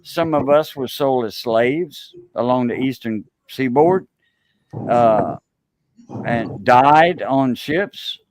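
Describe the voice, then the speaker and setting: A man's voice: mid-range voice, darkish tone, no room sound. A man with a Cajun accent, hosting a casual chat and telling long stories with many fillers and restarts. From South Louisiana. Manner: rambling storyteller, halting with many fillers and restarts. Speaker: host.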